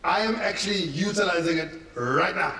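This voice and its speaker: A man's voice: high voice, normal speed. A man with a South African accent performing a stand-up comedy set, telling stories and acting out quotes. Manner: storytelling with acted-out quotes. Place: comedy venue stage. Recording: echoey distant venue with loud crowd laughter. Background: audience laughter.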